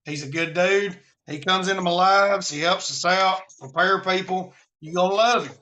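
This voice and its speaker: A man's voice: sits high, moderate pace, sharp tone. A man from Alabama with a Southern accent, hosting a casual live stream about preparedness in a folksy, rambling way.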